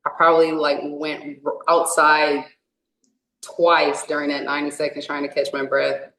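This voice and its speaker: A woman's voice: sits low, little pitch movement, moderate pace, a bit bright, echoey room, slight background noise, low-quality recording. A young woman from California, a wrestler, answering interview questions casually and rambling with many fillers and restarts. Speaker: indie wrestler.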